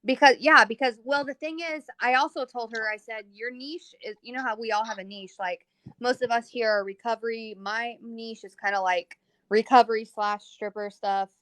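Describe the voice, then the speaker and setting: A woman joining a live stream, telling a story in an animated, profane way. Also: on the high side, moderate pace, dry recording, poor audio. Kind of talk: casual live-stream chat.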